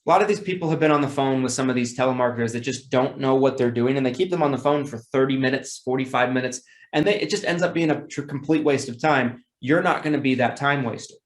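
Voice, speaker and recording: Male sales coach, mid pitch, casual and repetitive, echoey room. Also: quick pace, few pauses. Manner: demonstrates phone scripts with bright, excited tones; casual, repeats words, self-corrects. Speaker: sales trainer. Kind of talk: sales training talk.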